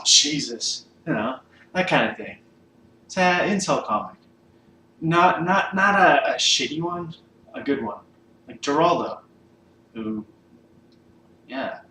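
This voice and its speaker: A man's voice: medium pitch, fairly bright tone. A man giving a loose, unscripted monologue full of fillers and casual swearing, ranking his favorite comedians. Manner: rambling, loose, swears often, many fillers. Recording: echoey room, mic at a distance, faint background hiss.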